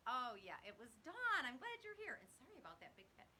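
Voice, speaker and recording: A woman's voice: high-pitched, wildly swooping pitch, brisk, bright, forceful tone, a little hiss or hum, poor audio. A woman hosting a live stream, chatting casually and greeting her viewers one by one by name in an upbeat, bubbly way.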